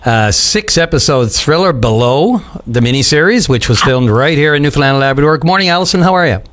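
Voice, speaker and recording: A man's voice: a little high, lively intonation, fast, fairly bright tone. A man hosting a radio call-in show, easygoing and jokey, stumbling a little as he asks his questions. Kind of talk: radio interview. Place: radio studio.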